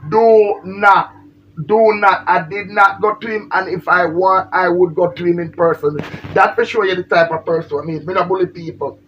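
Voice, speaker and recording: A woman's voice: on the low side, steady tone, normal speed, highs cut off, slight background noise. A woman with a Jamaican accent, feeling unwell, ranting and pleading on a livestream. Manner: emphatic, pleading, repetitive. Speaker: social media personality.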